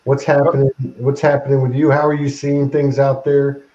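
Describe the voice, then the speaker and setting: A male host with a mellow, warm voice who asks his guests easygoing questions. The audio is dull and lo-fi. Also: medium pitch, flat delivery, moderate pace. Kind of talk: casual chat.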